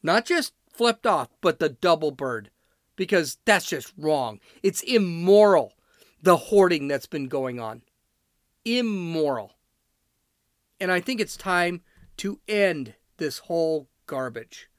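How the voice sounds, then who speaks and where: A Chicago man hosts his podcast in a blunt, ranting monologue that rambles off the cuff and wanders into digressions. His fairly high voice is animated, unhurried and fairly bright, captured with studio quality and no echo.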